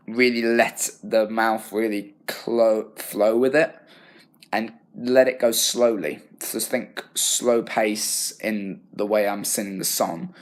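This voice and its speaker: Young British drama student, lowish voice, halting reflective self-assessment. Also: male voice. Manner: thoughtful, self-correcting, halting.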